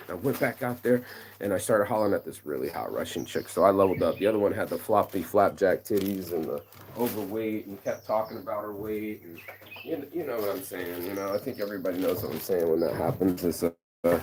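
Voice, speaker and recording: A man's voice: deep voice, fairly quick, a little mellow, slight background noise. A man ranting in a casual outdoor vlog, rambling and slangy, telling a story with lots of energy. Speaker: vlogger. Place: outdoors among trees.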